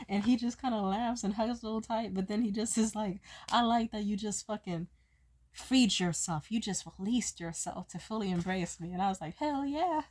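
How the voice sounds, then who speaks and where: A drunk woman vlogging a profane, joking story in a casual, animated way. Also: mid-range voice, normal speed. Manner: animated, profane, jokey, slurs words while tipsy.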